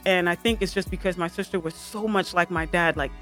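A woman guest telling family stories on a podcast in an animated, humorous way. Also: on the low side, brisk, soft background music. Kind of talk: casual podcast chat.

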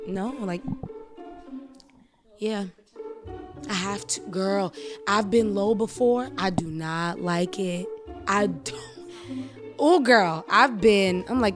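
Animated woman talking in casual slang. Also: mid-range voice, moderate pace, faint music behind. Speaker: podcast guest, entrepreneur. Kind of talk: casual podcast conversation.

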